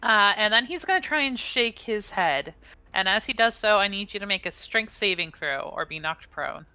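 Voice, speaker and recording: Bright-voiced woman game master, dull stream audio. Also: medium pitch, lively intonation, moderate pace, clean tone, no room sound. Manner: calls rolls and describes attacks, with small laughs. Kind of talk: narrating a tabletop game. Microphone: streaming mic.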